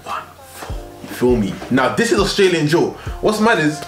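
A man's voice: fairly high pitch, big pitch swings, normal speed, a bit bright, roomy sound, soft background music. Playful man hosting a reaction video. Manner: playful, jokey, banters with co-host. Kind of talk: casual chat.

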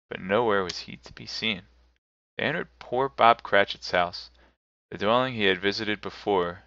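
A man streaming a live narration of a classic novel, telling it in a measured, steady way. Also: lowish voice, vocal fry, clear, resonant tone, dry recording, dull audio. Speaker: streamer reading aloud.

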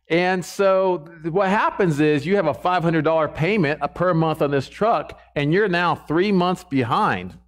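Chatty male preacher, slightly high voice. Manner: conversational, often checks in with the congregation. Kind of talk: sermon. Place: church.

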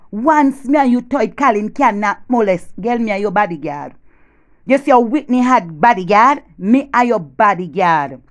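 A woman with a Jamaican accent doing a comic one-sided phone call, gossiping animatedly and swinging between loud boasts and hushed whispers. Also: medium pitch, expressive, normal speed.

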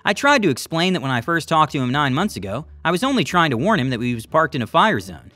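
A man voicing a young male store clerk who speaks quietly and matter-of-factly. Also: fairly high pitch, very animated, fast talker, dry recording. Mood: dry. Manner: quiet, dry, matter-of-fact.

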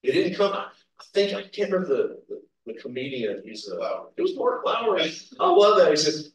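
Man, preacher, folksy storytelling, chuckles, fairly high voice, booming church echo. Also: big pitch swings, moderate pace. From Kentucky, USA. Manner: folksy, chuckling, calls out amens. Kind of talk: informal sermon with personal stories. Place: church sanctuary. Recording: echoey church hall, distant mic.

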